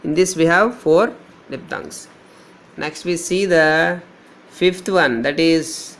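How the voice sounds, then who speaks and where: Male English teacher, Telugu-Indian accent, slightly high gravelly voice, slow deliberate sound drills. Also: fairly bright tone. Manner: slow, drawn-out modelling of each sound, repeating words. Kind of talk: pronunciation lesson.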